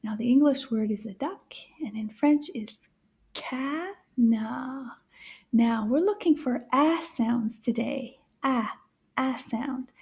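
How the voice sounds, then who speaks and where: Woman, children's language teacher, breathy and slow, gentle and encouraging. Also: a little high. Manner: gentle and encouraging, drops often into soft breathy asides.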